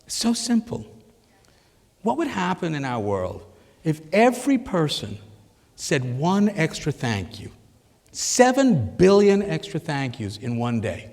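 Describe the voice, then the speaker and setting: A middle-aged man gives a lecture to a live audience in a large hall, and his voice carries a long reverb. He speaks in a somewhat high register with a lively, swooping melody. He is engaging and animated, and he acts out the thoughts he quotes. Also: unhurried, gravelly. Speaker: psychiatrist giving an expo lecture.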